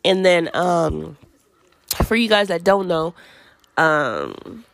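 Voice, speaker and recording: Casting: laid-back woman podcast host, slightly low, gravelly voice, rambling and laughing, dry close sound. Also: expressive, slow pace, no echo. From Washington. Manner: chatty, laughing, many fillers. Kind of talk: casual parenting chat. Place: at home with a toddler.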